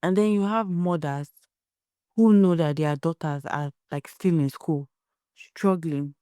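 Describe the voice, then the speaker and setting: A woman's voice: sits low, measured pace, warm tone, clear, resonant tone, dry recording, clean studio sound. A young Nigerian woman hosting a solo podcast, giving blunt opinions and telling stories in a conversational way. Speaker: podcast host.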